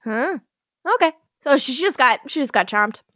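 Woman cohost laughing thru a tv recap, higher voice, super dry mic. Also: expressive, normal speed, sharp tone, dry recording. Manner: laughs often, acts out characters while recapping. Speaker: podcast co-host. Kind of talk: casual recap chat.

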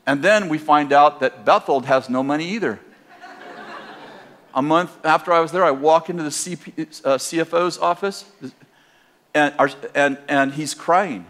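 An older man from Northern California, preaching by telling a personal story in a conversational, animated way and laughing at his own tale. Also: a little high, moderate pace, a little hiss or hum. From Northern California, USA.

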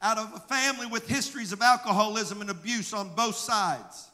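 A man with a Southern accent preaching a rhythmic sermon as pastor, swinging between hushed passages and shouted refrains. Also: sits high, fairly quick. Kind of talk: fiery sermon. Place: church sanctuary. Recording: long hall reverb, faint crowd and noise.

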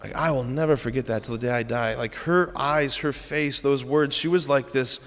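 A man's voice: medium pitch, normal speed, a bit bright. A man giving a conversational sermon, telling a candid personal story with a self-deprecating manner and frequent asides to the congregation. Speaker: preacher. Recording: long reverb of a large hall.

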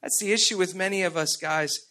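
A man's voice: high-pitched, a little fast, sharp tone. A middle-aged man preaching a sermon, telling stories with laughs and stumbling restarts. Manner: storytelling with self-deprecating laughs and repeated "and, and".

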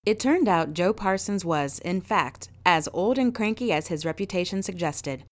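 Calm woman narrating a storybook. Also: fairly low pitch, moderate pace. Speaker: narrator and podcast host.

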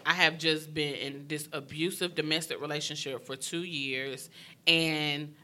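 A young woman recounting her own story in a frank, emotional conversation. Her voice is very bright and sharp. She speaks in quick, heartfelt bursts. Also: low voice, fairly even intonation. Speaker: guest sharing her story. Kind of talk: candid personal storytelling.

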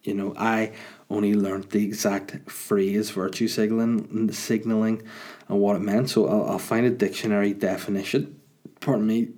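A man's voice: on the low side, level tone, normal speed, warm tone. A man, chatting and ranting in a rambling, swearing monologue.

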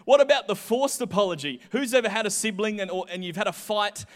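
A young man preaching a sermon, chatty and animated as he tells personal stories. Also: high voice, brisk. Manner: chatty, animated storytelling with voiced asides. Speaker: pastor. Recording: hall reverb.

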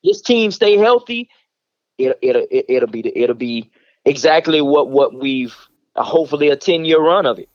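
A man calling in as a football correspondent, talking in a passionate, excitable fan way. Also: on the high side, moderate pace, dry recording, highs cut off. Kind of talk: casual sports talk.

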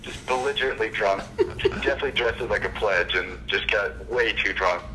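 A young man, a guest chiropractor, telling stories in a casual podcast chat with an animated, laughing manner. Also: lowish voice, normal speed, slight background noise, poor audio.

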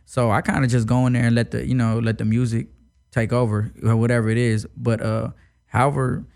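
A young man from Texas, answering interview questions as a rapper. His voice is gravelly with a lot of fry, and he talks fast in a laid-back, slangy way, full of fillers. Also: mid-range voice, little pitch movement, darkish tone. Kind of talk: casual interview talk.

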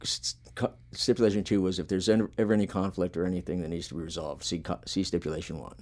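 A man's voice: low voice, fairly even intonation, fast talker, darkish tone. A man chatting casually as host, telling long rambling stories with plenty of swearing and filler words. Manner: rambling, profane, laid-back storytelling. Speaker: podcast host and punk musician. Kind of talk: casual chat.

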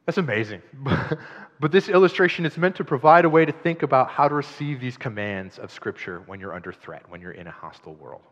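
A male pastor preaching a sermon in a conversational, animated way, with chatty asides to the congregation. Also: medium pitch, fairly quick. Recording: dull sound in a long-reverb hall.

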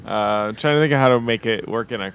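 A man's voice: mid-range voice, fast, a bit bright, smooth. A man in casual podcast chat, crude and sweary, with a loose delivery.

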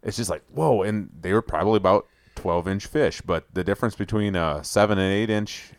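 Deep smooth man. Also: fairly quick. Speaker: podcast co-host. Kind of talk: casual chat.

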